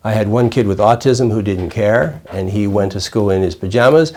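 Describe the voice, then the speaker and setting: An older man, a child psychiatrist, calmly explaining parenting techniques to a parent in plain, conversational teaching. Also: on the low side, moderate pace. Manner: calm, explanatory, plain-spoken. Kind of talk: conversational teaching with role-play examples.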